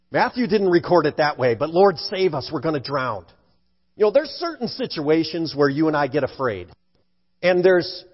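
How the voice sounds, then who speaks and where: A male pastor preaching a sermon in an animated way, at times acting out frightened voices. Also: a little high. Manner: animated, acts out scared voices for effect. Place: church sanctuary. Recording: dull sound with long hall reverb.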